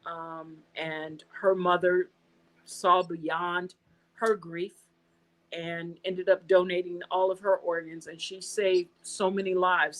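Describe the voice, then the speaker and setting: An American woman being interviewed, telling a personal story in a casual, animated way and acting out the dialogue she quotes. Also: lowish voice, low-quality recording. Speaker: guest.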